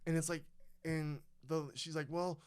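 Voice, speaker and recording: A young man tells a story on his podcast in loose, swearing chat and slips into the voices of the people he quotes. His voice sits a little high and sounds smooth and clear. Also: a little fast, fairly bright tone. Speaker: podcast host.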